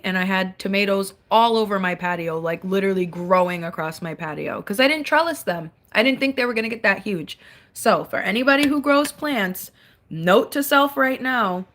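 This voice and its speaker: Chatty young woman streaming live. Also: mid-range voice. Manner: chatty and animated, laughs often, sings little bits. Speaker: livestream host. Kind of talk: casual livestream chat, reading comments. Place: dark room indoors.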